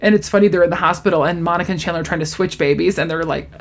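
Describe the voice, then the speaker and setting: A woman's voice: on the low side, rapid-fire. A woman co-hosting a casual chat, animatedly retelling a sitcom episode and acting out the characters' lines.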